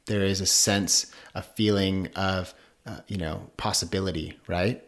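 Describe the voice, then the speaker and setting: A man in his thirties co-hosting a podcast, talking in a relaxed, reflective way and often agreeing. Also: low voice, a little slow. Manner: easygoing, reflective, affirming. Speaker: podcast co-host. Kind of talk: casual podcast chat.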